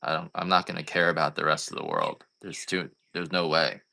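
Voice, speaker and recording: A man's voice: low voice, fairly even intonation, fairly quick, vocal fry, pushed and bright. A man, a coffee farmer selling on a live stream, chatting casually and going off on rambling, joking rants.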